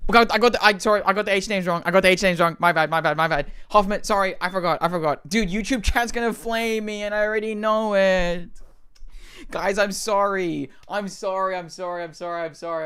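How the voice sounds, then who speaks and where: A young male streamer with a smooth, clean voice, chatting on a live stream as he reacts to game trailers. He rambles, apologizes, and laughs at himself. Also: a little high, a bit bright. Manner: apologetic, rambling, self-deprecating.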